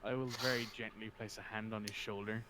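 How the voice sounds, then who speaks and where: A man playing a tabletop role-playing game, describing his character's actions in a relaxed, chatty way. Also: fairly low pitch, fairly quick, noisy background.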